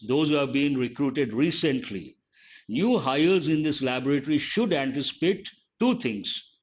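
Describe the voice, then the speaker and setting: Older Indian English grammar teacher, emphatic and repetitive, slightly raised pitch, muffled lo-fi sound. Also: male voice. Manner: emphatic, repeats key phrases slowly for students. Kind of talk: online exam-prep lesson. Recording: slightly dull lo-fi audio.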